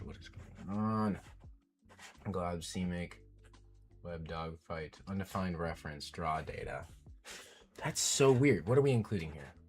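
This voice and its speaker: A man's voice: low-pitched, a little mellow. A man live-streaming his coding, thinking aloud as he works, muttering code names and getting frustrated at bugs.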